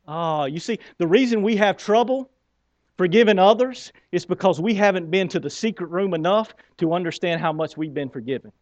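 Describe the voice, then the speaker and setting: A male pastor delivering a sermon in a conversational, emphatic way, stumbling over his words when he gets fired up. His voice sits a little high. The recording is dull and dry, with no sense of room. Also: a little fast, no room sound.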